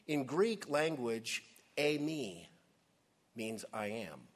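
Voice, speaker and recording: A man preaching a sermon from the pulpit. He speaks slowly and deliberately, with long dramatic pauses. His voice is mid-pitched, and he sinks to a hush on key words. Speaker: pastor.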